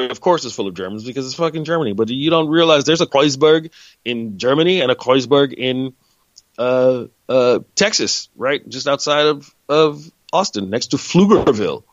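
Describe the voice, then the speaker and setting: A man's voice: mid-range voice, lively intonation, normal speed, no room sound, muffled recording. A tired man hosting a podcast, rambling and joking loosely as he signs off, swearing now and then. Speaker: podcast host. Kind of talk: rambling casual sign-off.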